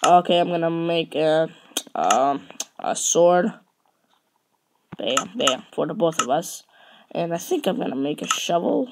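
A woman's voice: fairly low pitch, animated, moderate pace, creaky, background noise. A woman chatting and rambling playfully while playing a building game. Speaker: let's play host. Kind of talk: casual gameplay chat.

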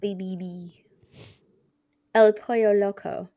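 A woman's voice: mid-range voice, steady tone, slow, highs cut off. A woman co-hosting a casual chat, leading a group ranking and calling out grades. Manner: leads the ranking, calls out grades. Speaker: co-host.

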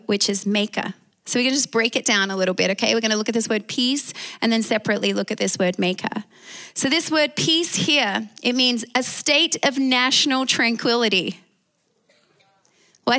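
A woman's voice: a little high, sharp tone. A woman with an Australian accent preaching a sermon as pastor, calling out for amens from the congregation. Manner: preaching with call-and-response amens.

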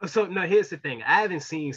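A man co-hosting a casual movie podcast, talking emphatically and rambling with restarts before trailing off quietly. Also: fairly high pitch, lively intonation, a little fast. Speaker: podcast co-host. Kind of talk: casual chat. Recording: dull lo-fi sound.

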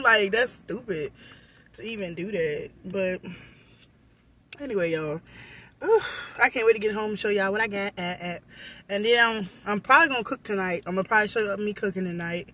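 A woman's voice: mid-range voice, moderate pace, sharp tone. A woman vlogging into her phone while she waits outside, chatting casually and bluntly with her viewers and swearing freely. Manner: talks straight to viewers as y'all. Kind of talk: casual vlog chat.

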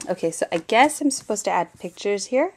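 A woman with a medium-pitched, expressive voice talks a little fast. She's a paper-craft vlogger doing a casual show-and-tell, gushing straight to her viewers and repeating exclamations often.

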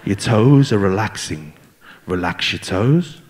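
A man voicing a male breathwork guide who speaks slow, low, calming instructions. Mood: soothing.

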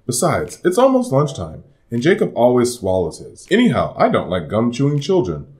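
A man's voice: medium pitch, wildly swooping pitch, moderate pace, darkish tone. A man voicing a father patiently explaining things to his children in a storybook. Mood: reasoning.

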